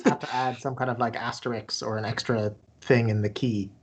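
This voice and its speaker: A man's voice: mid-range voice, little pitch movement, brisk, a crowd in the background. A man chatting casually as a player in a tabletop game, rambling and laughing.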